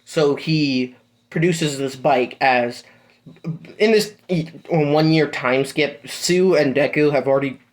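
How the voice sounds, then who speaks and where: A young man casually improvising a fan-fiction story, rambling with lots of fillers and swearing. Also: medium pitch.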